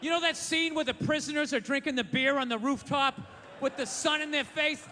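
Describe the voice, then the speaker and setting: A male comedian rants in a high, sharp voice, blunt and profane with a sarcastic edge. He is recorded on stage through a handheld mic, and the big hall gives his voice a long reverb with a faint murmur behind it. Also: a little fast, a little hiss or hum. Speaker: stand-up comedian. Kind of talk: stand-up comedy set.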